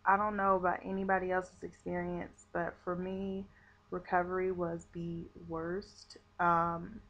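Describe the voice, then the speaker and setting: A woman's voice: lowish voice, little pitch movement, unhurried, a bit bright. A woman vlogger telling a personal story to camera in a chatty way, with many fillers. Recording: dull lo-fi webcam audio.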